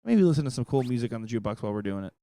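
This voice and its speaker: A man's voice: mid-range voice, big pitch swings, racing, dark tone, dry recording. A man hosting a darts stream, upbeat and joking, talking loosely with frequent fillers. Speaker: stream host and commentator. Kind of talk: live sports commentary.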